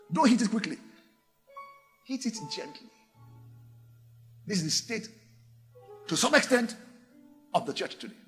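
Male pastor, sermon; gravelly, theatrical, swings high and low. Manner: animated, theatrical, acting out little voices.

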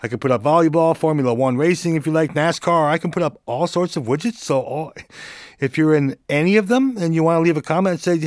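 A man's voice: a little high, fast, dry recording, clean studio sound. A man hosting a casual solo podcast, laid-back and joking, chuckling now and then as he talks. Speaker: podcast host.

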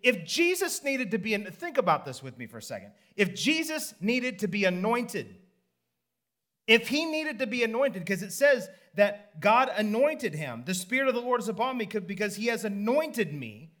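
A man preaching a sermon, telling a story with energy and acting out the people in it. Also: moderate pace. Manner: animated storytelling, acts out the people in the story in higher voices, laughs.

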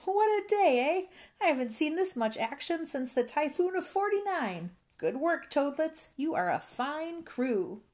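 A gruff, grumbling old sea captain from a storybook, put on by a woman who slows down for him. He uses sailor talk and sounds tired of his troubles. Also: on the low side, animated, a little mellow. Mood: hearty.

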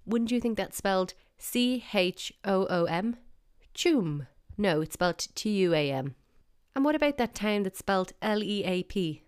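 An Irish woman hosting a podcast, talking casually in a playful, animated, mock-baffled way. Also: mid-range voice, normal speed, smooth, dry recording, studio quality. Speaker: podcast host. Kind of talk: casual solo podcast talk.

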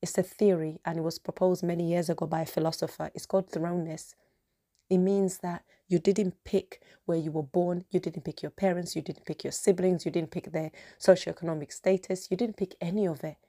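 Female podcast host, passionate solo monologue; low, dark, gravelly voice. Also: steady tone, fairly quick. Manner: passionate, repetitive, earnest.

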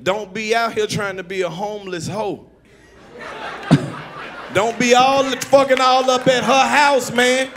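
A man's voice: very high voice, level tone, measured pace, long pauses, noisy background. A man on a comedy club stage, roasting the others in a mock-preaching manner.

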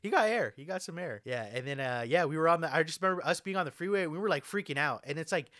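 A young man casually telling a wild party story, animated and full of slang and swearing, on a close mic. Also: on the high side, racing, no echo.

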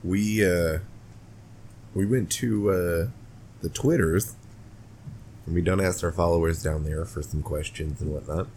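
A man with a very low, deep voice, co-hosting a podcast in a relaxed, folksy manner. Faint background noise runs under the recording. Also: measured pace, pauses often. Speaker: podcast co-host. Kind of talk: casual chat.

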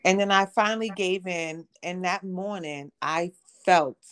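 A woman's voice: fairly low pitch, a little slow, fairly bright tone, clear, resonant tone. A woman guest on a podcast, telling a personal story of faith and illness in conversation and acting out the voices of the people in it. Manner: storytelling, acts out quoted voices.

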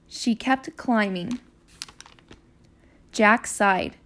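A woman teacher hosting her own podcast, reading a children's chapter book aloud in a clear, expressive way. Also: on the high side, slow pace, pauses often.

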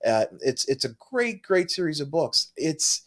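A man's voice: fairly high pitch, big pitch swings, fairly bright tone. A man co-hosting a comic book show, talking eagerly in casual chat with frequent restarts. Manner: enthusiastic, halting, full of restarts. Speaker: comic book podcast co-host.

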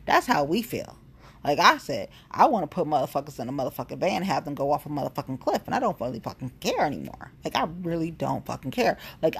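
This is a woman in a casual vlog-style rant, blunt and full of profanity. She sounds heated and exasperated, and her voice sits a little low for a woman. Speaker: activist vlogger. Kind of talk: casual angry rant to camera.

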